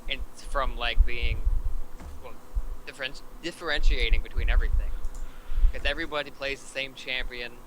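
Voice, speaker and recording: A man's voice: mid-range voice, fairly even intonation, normal speed. A young man in casual chat, musing about competitive gaming with hesitant, filler-laden phrasing. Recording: noisy home voice-call recording.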